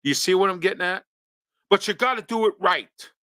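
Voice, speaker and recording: A man's voice: high-pitched, expressive, a little fast, pushed and bright, dry recording, clean studio sound. A man hosting a local talk show, scolding his listeners with rhetorical questions in an opinion commentary.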